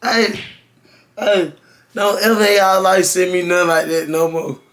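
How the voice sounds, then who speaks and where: A man hosting a casual reaction video, excitable and laughing, breaking into sudden shouted exclamations. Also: high voice, a little slow.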